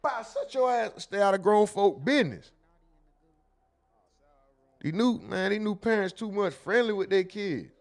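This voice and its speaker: Streamer type: high-pitched man, animated and loud in bursts, casual chat-reading host. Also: a little slow, long pauses. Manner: animated, loud bursts, mimics people in quotes, laughs. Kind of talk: casual live stream commentary.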